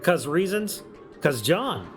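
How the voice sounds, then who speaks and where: A high-voiced man from New York, now with a faint Southern drawl, talks at an unhurried pace. His voice swings widely as he chats and curses through a game stream, and faint music plays behind him. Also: big pitch swings. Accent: mild Southern drawl. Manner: chatty, profane, laughs often. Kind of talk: casual gameplay commentary.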